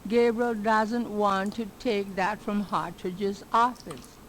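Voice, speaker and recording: A woman reading scripted game narration in an even, matter-of-fact way. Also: mid-range voice, takes it slowly, slight background noise, close to an everyday voice, rough recording. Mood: neutral.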